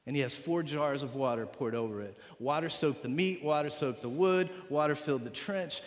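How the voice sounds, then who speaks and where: Dramatic preacher in a reverberant hall. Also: male voice, mid-range voice, normal speed, hardly any pauses. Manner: dramatic, with big swings from loud to hushed; repeats phrases for emphasis. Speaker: pastor. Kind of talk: sermon. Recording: long reverb of a large hall.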